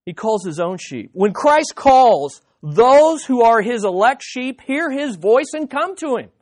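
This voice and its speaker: Animated man preaching a sermon. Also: extremely high pitch, a little slow. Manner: animated preaching with playful impressions and frequent restarts. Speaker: pastor. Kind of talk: expository sermon.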